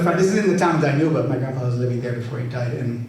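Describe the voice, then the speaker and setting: Animated male storyteller in an echoing hall. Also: medium pitch, very fast, crowd noise. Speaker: author giving a reading. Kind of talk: storytelling talk and poetry reading. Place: large event hall. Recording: echoey hall from far off.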